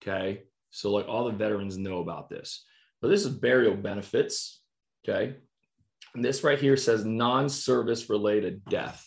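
A man's voice: fairly low pitch, moderate pace, creaky. A man training insurance agents in a casual online session, acting out client calls and often checking in with "right?". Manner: conversational, acts out client calls, frequent "right?" and "you know". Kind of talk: casual training talk to a live online audience.

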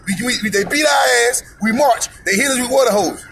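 Heated profane man with high voice. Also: a little fast, vocal fry, a bit bright, slight background noise, rough recording. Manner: profane, heated, emphatic repetition; preachy, rhetorical questions. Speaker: podcast host. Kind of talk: personal opinion monologue.

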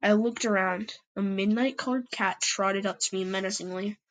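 A woman's voice: mid-range voice, fairly even intonation, moderate pace, poor audio. A woman narrating an amateur fan story and chatting to listeners, hesitant and full of fillers. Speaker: storyteller and channel host.

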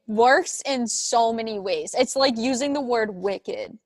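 A woman's voice: fairly high pitch, unhurried, over a noisy crowd. A woman from Massachusetts with a Boston accent, chatting casually in an easygoing, laughing way. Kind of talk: casual chat.

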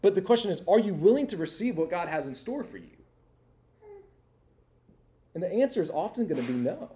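A young male campus minister with a high-pitched, very animated, dark-toned voice speaks fairly quickly. He gives students a conversational, interactive sermon, asking them questions and using lots of "like" and "right?"

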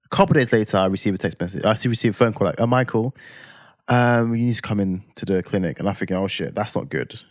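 A man in his twenties with a London accent, telling a story on a podcast in casual chat, animated and swearing freely. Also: fairly low pitch, fast, no echo, studio quality. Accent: London English. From England. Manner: animated, swears freely, acts out heated quotes. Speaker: podcast co-host.

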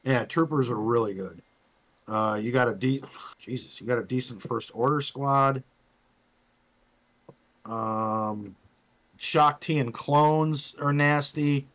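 A man's voice: medium pitch, slow pace, pauses often, fairly bright tone, dull audio. A man hosting a podcast, casually coaching a guest through his game with loose, profane instructions. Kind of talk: casual chat.

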